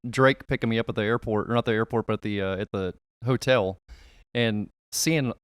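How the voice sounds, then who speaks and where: Man, quick chatty podcast guest, smooth tone, dry close mic. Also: fairly low pitch, no echo. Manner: fast, chatty, many restarts. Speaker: podcast guest, reptile catcher. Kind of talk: casual interview storytelling.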